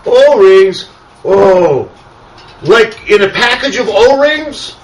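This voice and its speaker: A man's voice: high-pitched, expressive, takes it slowly, recorded from a distance, voice pushed up, poor audio. A man puts on a clueless young male parts clerk with a raised, lighter voice. He drawls and sounds unsure of himself. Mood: puzzled.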